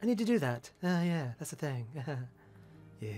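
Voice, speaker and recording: A young man streaming a shooter game, chatting casually and jokily with teammates and bursting into shouts. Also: on the high side, normal speed, faint music behind. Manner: excitable, jokey, sudden shouts. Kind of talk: casual gameplay commentary.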